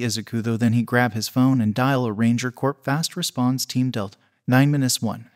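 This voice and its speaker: A man's voice: mid-range voice, steady tone, moderate pace, hardly any pauses, a little mellow. A man reading a fan fiction story aloud in a plain, unpolished way, voicing every character himself.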